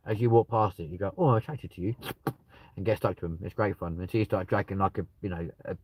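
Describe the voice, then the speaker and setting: Male streamer, crude banter, low-ish voice, dry close sound. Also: quick pace, a little mellow, no room sound. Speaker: livestreamer reading out chat. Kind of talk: casual chat. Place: at home with dogs nearby.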